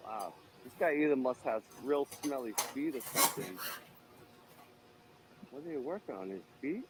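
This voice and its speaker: A man talks over his own street footage in a joking running commentary. He is loud, profane and teasing, and breaks into bursts of mock excitement. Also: mid-range voice, normal speed, pauses often, noisy background. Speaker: street vlogger narrating what he films.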